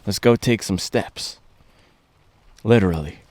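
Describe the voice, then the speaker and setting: A man with a somewhat low voice vlogs from his parked car on a rainy day. He talks casually to the camera about running shoes, full of upbeat slang and hype. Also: unhurried, noisy background. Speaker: running shoe reviewer. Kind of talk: casual vlog talk to camera.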